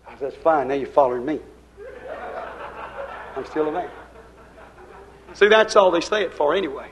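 An older preacher man delivering a fervent sermon. His voice sits fairly high, and he swings from loud, pushed lines to near-murmured asides. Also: animated, normal speed, a little hiss or hum, poor audio. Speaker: pastor.

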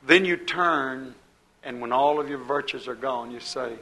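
A man's voice: medium pitch, a little slow, pushed and bright, low-quality recording. A man pastor preaching a fiery sermon, building emphasis and quoting scripture.

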